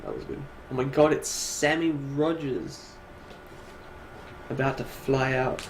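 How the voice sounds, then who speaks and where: A tired man co-hosting a stream from a home desk, answering in short, dry remarks. His voice is gravelly with vocal fry, and the recording carries clear background noise. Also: medium pitch, fairly even intonation, slow pace. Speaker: co-host of an awards stream. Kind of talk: casual stream chat. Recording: noisy home stream audio.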